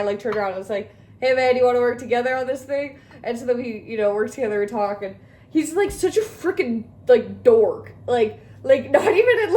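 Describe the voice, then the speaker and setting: On poor audio, a vlogger in her twenties speaks in a highish voice with a darkish tone. Cooking in her home kitchen, she tells a rambling story in casual chat, peppered with filler words and swearing.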